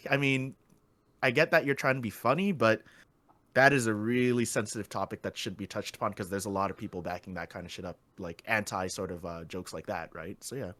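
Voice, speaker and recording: A man's voice: fairly low pitch, fairly quick, fairly bright tone, no echo. A man co-hosting a casual podcast chat, rambling with lots of fillers and swearing freely. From Philippines. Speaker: podcast co-host.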